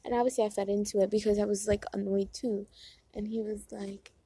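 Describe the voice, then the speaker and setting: A young woman talks casually in an exasperated, rambling way, her voice gravelly with vocal fry. Her pitch stays fairly flat, with a mellow, dark tone in a dry, close recording. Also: a little fast, no echo. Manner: dramatizes others in quoted asides. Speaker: vlogger. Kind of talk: casual chat.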